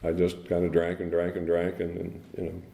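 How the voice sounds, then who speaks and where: A man giving a personal recovery story at a speaker meeting, halting, with many ums and restarts. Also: deep voice, completely flat delivery, gravelly, mellow. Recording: echoey meeting room.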